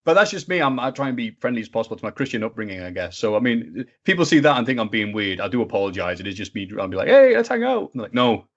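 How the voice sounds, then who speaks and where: Fast-talking guy telling stories. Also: lowish voice. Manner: rambling, animated, laughs and acts out quoted voices. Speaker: interview guest. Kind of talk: casual storytelling chat. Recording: dull lo-fi audio.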